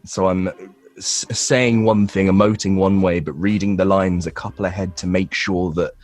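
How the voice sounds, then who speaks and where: Low-voiced young man, relaxed. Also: moderate pace, soft background music. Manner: relaxed, rambling with fillers and restarts. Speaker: voice actor guest. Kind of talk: casual interview answers.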